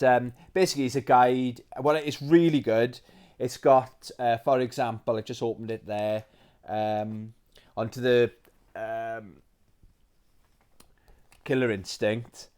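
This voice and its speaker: A man chatting casually about games he has collected, rambling and quick to get excited, with lots of fillers. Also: mid-range voice. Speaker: retro game collector. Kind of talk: casual video chat.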